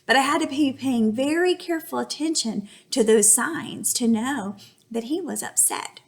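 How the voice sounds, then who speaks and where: A woman's voice: sits high, normal speed, gravelly. A young adult woman teaching a reading lesson to young children, reading aloud with exaggerated expression.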